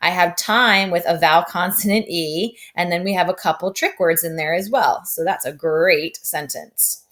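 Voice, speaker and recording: A woman's voice: on the low side, normal speed, few pauses, fairly bright tone. A woman teaching a remote phonics lesson to young children, patient and upbeat, often checking in with "right?".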